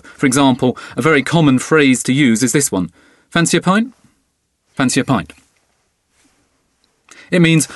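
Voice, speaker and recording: Guy on a learners' radio show, steady scripted explaining, middle pitch, dry close sound. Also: no room sound. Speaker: studio guest.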